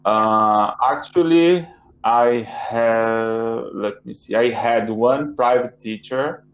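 Slow, hesitant Brazilian man on a call. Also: medium pitch. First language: Portuguese. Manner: hesitant, correcting himself mid-sentence. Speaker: English learner. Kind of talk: online tutoring chat. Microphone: video call. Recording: dull, roomy video call audio.

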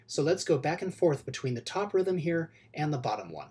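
A man teaching music theory in a scripted video lesson, explaining clearly and steadily and chanting rhythm syllables. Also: fairly high pitch, lively intonation, moderate pace, few pauses. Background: music playing.

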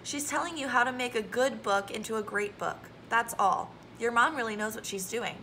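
A patient schoolteacher in a storybook read-aloud, calm and reassuring, read by a woman. The voice is bright and slightly high, with some gravel. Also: normal speed, slight background noise. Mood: encouraging. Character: calm, encouraging female schoolteacher.

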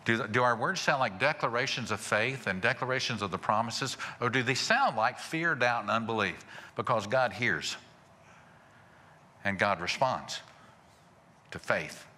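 A male pastor preaching a sermon in a folksy way, asking rhetorical questions and chuckling softly. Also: mid-range voice, lively intonation, measured pace, long reverb tail, slight background noise.

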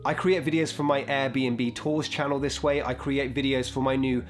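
A man's voice: mid-range voice, level tone, moderate pace. A man giving a casual step-by-step tutorial while recording on a laptop's built-in microphone in a houseboat bedroom. He explains as he goes and keeps checking in with "okay?" and "right?". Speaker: video creator.

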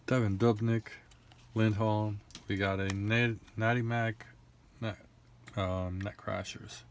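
A young man with a fairly low voice, reeling off names as he opens packs and grumbling between them. His delivery is casual and exasperated, with a faint hiss of room noise behind him. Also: little pitch movement, takes it slowly. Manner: rattles off names, frustrated and grumbling. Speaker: card collector opening packs. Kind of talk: casual card-opening commentary.

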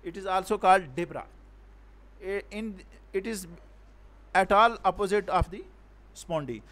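Male teacher, high-pitched voice, halting lecture on verse meter, frequent restarts. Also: a bit bright. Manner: halting, repeats and self-corrects words; non-native English grammar.

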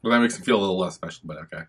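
A man hosting a reaction video, talking casually and excitably, swearing freely and exclaiming at what he sees. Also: low-pitched, fast talker.

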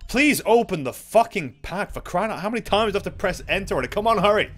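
Excitable young man streaming a shooter. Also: high-pitched, quick pace. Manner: excitable, swearing, laughing. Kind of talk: live gameplay commentary.

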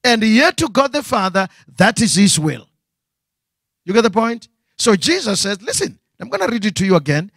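A man's voice: sits high, sing-song, moderate pace, fairly bright tone, dry recording, clean studio sound. A man preaching a sermon as pastor, asking rhetorical questions and repeating phrases.

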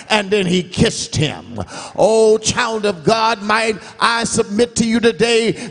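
A man preaching a revival sermon in a church, with an emphatic cadence that swings between shouted and sung phrases. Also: high-pitched, lively intonation, takes it slowly, soft background music. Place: church sanctuary. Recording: long church hall reverb.

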